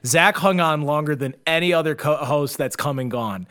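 Young man, podcast co-host, laughing storyteller, fairly high voice, home basement. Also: moderate pace, smooth. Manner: loud, laughing storyteller who slips into shouted character voices. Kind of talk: casual podcast banter.

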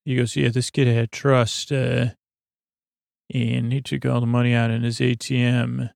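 Gravelly, halting man recapping a show. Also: medium pitch, no room sound, studio quality. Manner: halting, full of fillers and restarts, deadpan. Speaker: podcast host recapping an episode. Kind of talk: rambling comedic episode recap.

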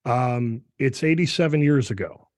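Professor explaining, many "right"s. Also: male voice, mid-range voice, animated, normal speed, a little mellow, no room sound. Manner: peppers speech with "right" and restarts. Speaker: political science professor, guest. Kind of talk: explanatory discussion.

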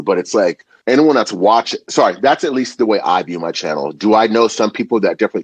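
A man who makes food videos, a guest on a podcast, talking in an animated and slangy way, full of filler words. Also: on the low side, fast talker, hardly any pauses, husky, no room sound. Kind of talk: casual conversation.

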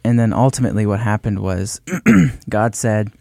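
A man with a mellow, dark-toned voice speaks in a dry, close recording. He thinks aloud about faith in a hesitant, reflective way, full of likes and ums. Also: fairly low pitch, fairly even intonation, moderate pace, creaky, dry recording. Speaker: podcast co-host. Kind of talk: conversational faith discussion.

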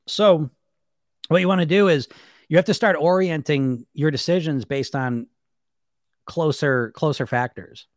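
A man's voice: on the high side, unhurried, long pauses, no echo, clean studio sound. A man coaching on weight loss in a casual live stream, talking animatedly and acting out the voices in people's heads. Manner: animated, acts out inner voices in shifting tones.

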